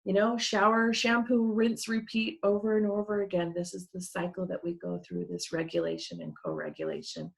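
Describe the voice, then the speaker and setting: A woman's voice: lowish voice, gravelly. A middle-aged woman teaching parents in an earnest, conversational webinar, explaining with a hand model. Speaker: parent educator.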